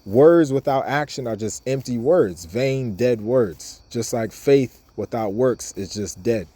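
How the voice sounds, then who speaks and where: A man leads an informal scripture lesson in a warm, mellow voice at a middling pitch. He talks loosely and repeats himself, stopping to read verses aloud. The sound is dry and close, with no room around it. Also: expressive, measured pace, dry recording. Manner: casual, repetitive, restarts often, reads verses aloud. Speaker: bible teacher.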